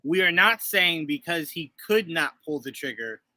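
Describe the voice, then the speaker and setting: Bright-voiced man in casual chat. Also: on the high side, moderate pace, dry recording. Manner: animated, acts out quoted voices. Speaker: podcast co-host.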